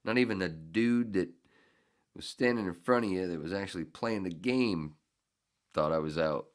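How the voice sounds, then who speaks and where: A man's voice: sits low, moderate pace. A man in his fifties, a podcast host, telling a story in a casual, heated and profane way. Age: 50s.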